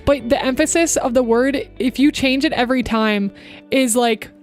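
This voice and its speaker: A woman's voice: high-pitched, moderate pace, faint music behind. A woman streamer chatting casually into her microphone, giving upbeat voice acting tips to her chat. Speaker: VTuber streamer.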